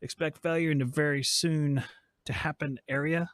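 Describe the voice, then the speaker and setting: A man's voice: on the high side, steady tone, normal speed, a bit bright, dry recording. Guy in his 40s chatting on a live stream from his shop, jokey and rambling, dry close sound. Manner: joking, rambling, reads chat aloud. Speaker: podcast host. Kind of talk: casual live stream chat. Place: workshop. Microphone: switches mics midway.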